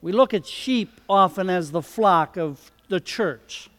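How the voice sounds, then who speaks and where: A man with a high voice delivers a sermon at an unhurried pace. He acts out the quoted dialogue and builds in intensity. His voice carries a long reverb, as in a large hall. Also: fairly bright tone. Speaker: preacher.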